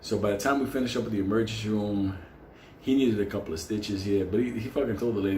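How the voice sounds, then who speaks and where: A man's voice: on the low side, fast talker, darkish tone, reverberant, slight background noise. A man telling a profane, funny story on camera, swearing constantly and laughing through it. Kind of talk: casual profane anecdote. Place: indoor room on camera.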